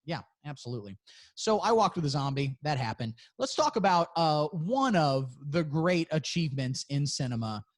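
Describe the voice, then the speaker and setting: Man, podcast co-host, casual chat, swears a lot, fairly high voice. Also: sing-song, normal speed. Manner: profane, joking, laughs often.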